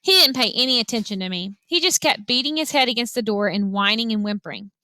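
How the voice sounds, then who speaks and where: Bright-voiced woman teacher reading aloud. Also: on the high side, fast talker, dry recording. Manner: directs listeners to follow along, expressive read-aloud. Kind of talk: reading a novel aloud to students.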